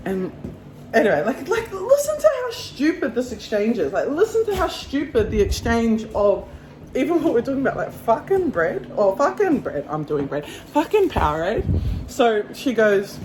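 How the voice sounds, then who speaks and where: A woman with a New Zealand accent, telling a story to camera in a casual, animated and profane way, acting out quotes. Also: on the high side, moderate pace, slight background noise, low-quality recording. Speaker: vlogger.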